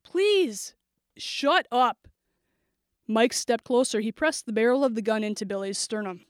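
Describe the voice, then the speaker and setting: Female thriller narrator, steady and vivid, bright-leaning voice, dead-dry booth. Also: fairly high pitch, a little fast, clear, resonant tone, no echo. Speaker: audiobook narrator.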